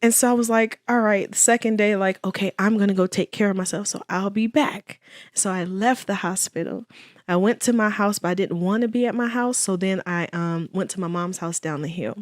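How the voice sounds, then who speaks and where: A woman's voice: medium pitch, brisk, no room sound, clean studio sound. A woman guest in an interview telling a personal story with earnest faith and quoted dialogue. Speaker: guest, widow.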